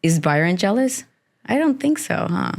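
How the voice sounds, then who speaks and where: A woman's voice: mid-range voice, big pitch swings, normal speed, creaky. A woman from Brazil with a Brazilian accent co-hosting a podcast, chatting casually and telling stories with loose, nonstandard English grammar. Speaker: podcast co-host. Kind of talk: casual chat.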